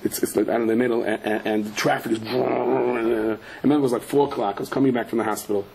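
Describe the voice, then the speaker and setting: A man teaching a Torah class as a rabbi, telling stories and jokes and swinging up into loud, high-pitched emphasis. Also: steady tone, quick pace, vocal fry, a little hiss or hum, low-quality recording.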